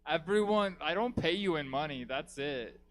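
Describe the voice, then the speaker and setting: A man's voice: on the high side, animated, moderate pace, fairly bright tone. A man hosting a comedy show, wrapping up with loose, joking banter to the crowd on a club stage. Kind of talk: casual wrap-up banter.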